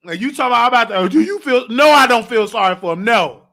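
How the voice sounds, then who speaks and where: A fired-up male talk show host whose very high voice has a gravelly edge. He rants in an animated way, sometimes shouting and sometimes close to tears. His tone is bright and tense. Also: fast. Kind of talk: emotional live talk-show rant.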